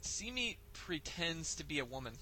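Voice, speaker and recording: A man's voice: fairly high pitch, very animated, normal speed, pushed and bright, a little hiss or hum, poor audio. A man co-hosting a casual podcast, laid-back and full of crude wisecracks. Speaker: podcast co-host.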